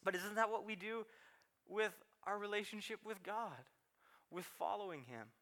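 Male pastor in his thirties, casual sermon delivery, laughs often, voice slightly high and forceful. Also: moderate pace. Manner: chatty, self-deprecating, laughs often, repeats words.

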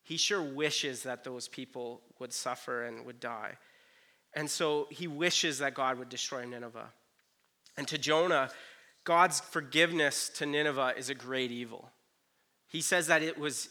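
Bright-voiced man preaching a sermon. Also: mid-range voice, a little slow. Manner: conversational preaching, acts out Jonah's lines in asides. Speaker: pastor.

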